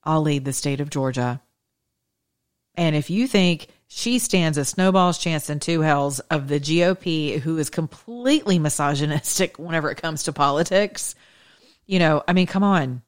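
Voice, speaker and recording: A woman's voice: deep voice, expressive, normal speed. A woman giving a casual political monologue, blunt, snarky and emphatic, repeating her points with a preachy insistence. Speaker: political commentator.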